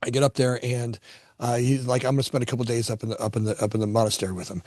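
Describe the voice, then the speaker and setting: A man's voice: mid-range voice, flat delivery, rapid-fire, darkish tone, no echo, studio quality. A middle-aged man from Florida, a company founder, telling personal stories in a casual conversation, often repeating words as he starts a thought. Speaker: guest, construction company founder.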